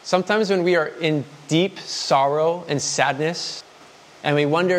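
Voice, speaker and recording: A man's voice: fairly high pitch, measured pace. A man preaching a sermon in a candid, conversational way, acting out prayers and quotes with feeling.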